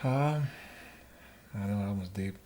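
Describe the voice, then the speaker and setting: A man's voice: lowish voice, a little slow, noisy background. A man as a podcast guest, talking thoughtfully in casual chat and acting out small exchanges. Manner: thoughtful, acts out little dialogues.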